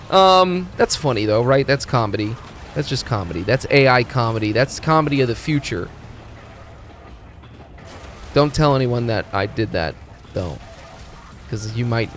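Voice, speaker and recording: A man streaming a video game, talking in a rambling, excitable, profane way as he plays. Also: mid-range voice, a little hiss or hum. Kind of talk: casual gaming commentary. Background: faint game music.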